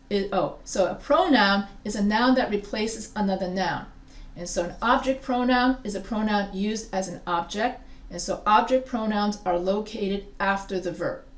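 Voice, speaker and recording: A woman instructor giving a live grammar lesson, explaining step by step and quizzing her students. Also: medium pitch. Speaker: writing instructor. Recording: echoey classroom from a distance.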